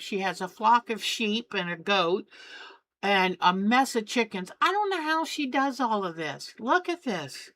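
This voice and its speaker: A woman's voice: medium pitch, pushed and bright, dry recording. A middle-aged woman hosting a quilting channel, chatting and gushing as she shows family photos. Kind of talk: casual chat while showing photos.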